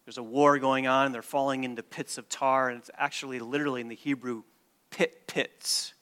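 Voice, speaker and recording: A man preaching a sermon, emphatic, with loud stressed points and hushed, quiet lines. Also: mid-range voice, level tone, quick pace, clear, resonant tone.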